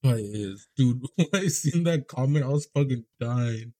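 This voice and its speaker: A man's voice: mid-range voice, expressive, moderate pace, dark tone. A man co-hosting a podcast in casual chat, laid-back, swearing and laughing often. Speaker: podcast co-host.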